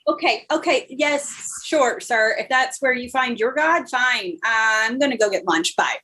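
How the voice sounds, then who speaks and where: A woman's voice: on the high side, lively intonation, unhurried, sharp tone, pitched above the performer's own voice, full character voice. A woman voicing a young female activist who talks in a casual, chatty, upbeat way. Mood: dismissive.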